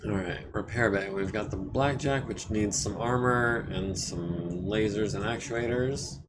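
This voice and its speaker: A man casually talking through repairs while streaming a strategy game, his throat a bit scratchy and often cleared. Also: on the low side, measured pace. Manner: relaxed, thinking aloud while managing repairs. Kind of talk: casual let's-play commentary.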